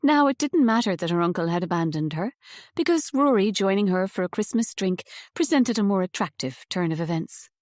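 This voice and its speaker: Woman narrator, audiobook reading, measured pace, mid voice, dry close sound. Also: mid-range voice, lively intonation, darkish tone, dry recording. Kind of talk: scripted narration.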